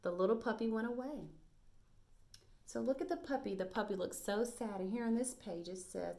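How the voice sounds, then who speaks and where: A woman's voice: mid-range voice, moderate pace. Encouraging woman teaching young children. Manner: bright, encouraging, praising teacher voice. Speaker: first grade teacher. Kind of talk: recorded video lesson for young children.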